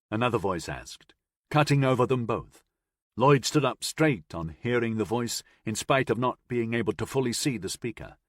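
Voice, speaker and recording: A man narrating an audiobook in a steady, measured storytelling manner, recorded on a close mic. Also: fairly low pitch, no room sound. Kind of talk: scripted narration.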